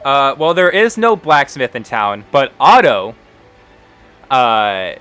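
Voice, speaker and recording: A man's voice: medium pitch, big pitch swings, slow, a bit bright, clean tone, soft background music. A man narrating a tabletop game as game master, in a laid-back, chatty way.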